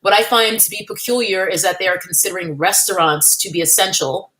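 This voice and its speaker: A woman's voice: medium pitch, fairly even intonation, a little fast, fairly bright tone. A young woman hosting a casual livestream from home, chatty and wry, laughing often and greeting viewers by name. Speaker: livestream host. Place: at home in California.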